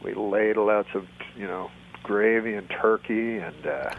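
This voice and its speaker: A male comedian guest on a radio show, talking in a deadpan, drawling way over a phone line. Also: lowish voice, a little slow, vocal fry. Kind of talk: casual radio interview.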